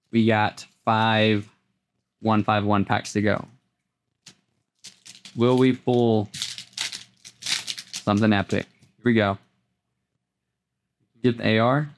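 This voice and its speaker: A man at an everyday middle pitch chats through a card pack opening, naming each card as it turns up. He stumbles and repeats himself and then breaks into sudden excited highs. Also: smooth. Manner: chatty, repeats words, jumps into excited highs. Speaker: host opening trading card packs. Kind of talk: casual unboxing commentary.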